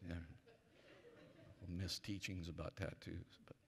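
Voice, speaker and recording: In a church sanctuary, a male pastor preaches a sermon emphatically, leading the congregation in call-and-response. His voice is deep, level, creaky, and unhurried, and the recording carries the long reverb of a church hall.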